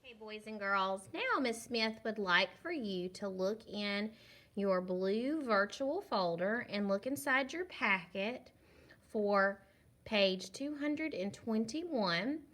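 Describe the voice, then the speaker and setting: Woman, kindergarten teacher, remote phonics lesson; very slow, bright tone, encouraging. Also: medium pitch, animated. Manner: slow, drawn-out sounding out of words; patient, encouraging classroom voice.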